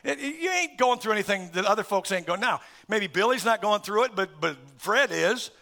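A middle-aged man pastor preaching a sermon, swinging between loud emphatic stresses and soft asides and chuckling through lists. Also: high-pitched, animated, fairly quick, vocal fry.

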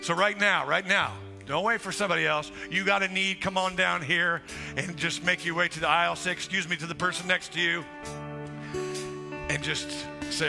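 Gravelly high-voiced pastor preaching. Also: male voice, fairly even intonation, normal speed. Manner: direct, exhorting, quotes scripture. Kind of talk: sermon. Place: church sanctuary. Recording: music under the voice. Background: band playing softly.

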